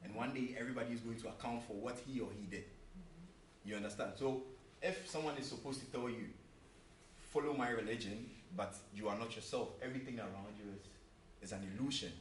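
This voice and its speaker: A man's voice: mid-range voice, fairly quick. A man preaching a sermon in an earnest way, repeating himself and asking rhetorical questions, recorded in a church hall from a distance. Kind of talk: sermon with a told joke. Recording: roomy echo, mic far off, faint hum.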